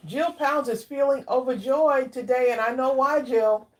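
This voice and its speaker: Chatty woman hosting a live. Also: high-pitched. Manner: chatty, greets viewers by name, drawn-out exclamations. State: eating while talking. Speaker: craft livestream host. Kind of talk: casual live chat with viewers.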